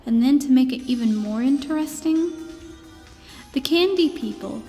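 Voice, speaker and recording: High-voiced gentle space princess storyteller as a woman puts her on, meandering, long reverb, faint music. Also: expressive, moderate pace. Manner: meandering, with fillers and restarts.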